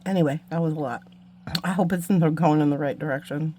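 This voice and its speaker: A beading channel host talks through a casual craft tutorial in a low, fast, warm voice. She pokes fun at herself as she works and mutters asides to viewers, with a little hiss or hum on the recording.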